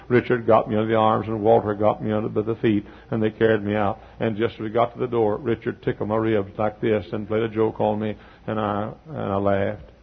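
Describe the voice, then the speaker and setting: A man preaching a sermon, telling stories that swell into loud peaks. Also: fairly low pitch, little pitch movement, a little fast, gravelly, slightly rough, dull audio. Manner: storytelling, swells to shouting peaks. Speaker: pastor.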